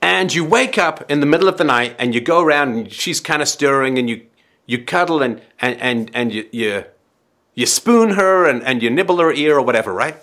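A man hosting a call-in advice show, talking in an animated, dramatic way and acting out scenes to make his point. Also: mid-range voice, a little fast. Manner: animated, dramatic, acts out scenarios.

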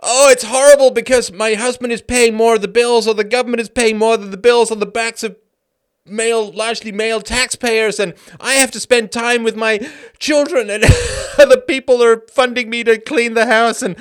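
A man's voice: very high-pitched, a bit bright, clean tone. A man hosting a livestream show, talking casually in a sarcastic, mocking way and breaking into fits of laughter. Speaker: host of a call-in livestream show. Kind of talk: casual monologue.

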